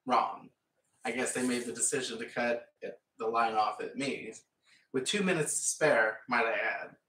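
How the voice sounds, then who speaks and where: A man's voice: medium pitch, moderate pace, sharp tone. A man chatting casually and rambling as he paints, with frequent laughs. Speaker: painting vlogger. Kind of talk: casual chat while painting. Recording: echoey room, mic far off.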